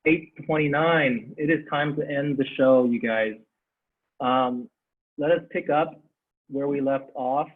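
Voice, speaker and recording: A man teaching a Sanskrit class online, animated, repeating phrases and laughing as he explains. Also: medium pitch, unhurried. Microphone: video call. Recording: tinny video-call audio.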